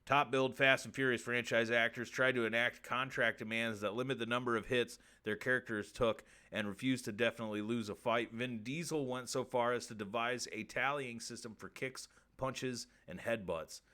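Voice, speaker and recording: A man hosting a crude comedy stream show, reading odd facts and pleading with viewers in a deadpan way. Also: mid-range voice, moderate pace, few pauses. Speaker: host.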